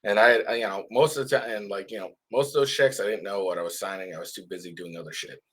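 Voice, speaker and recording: A man's voice: fairly low pitch, fairly even intonation, quick pace, fairly bright tone, slightly rough, voice pushed down. A man voicing an imagined defendant brushing off accusations with offhand excuses, with a stuffy nose. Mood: dismissive. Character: man on trial, dismissive, defending himself.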